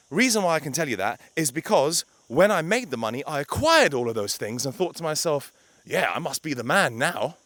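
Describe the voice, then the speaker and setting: A man's voice: a little high, fairly bright tone, no echo. A young man talking to camera outdoors by a beach, a blunt, emphatic life coach who swears for emphasis.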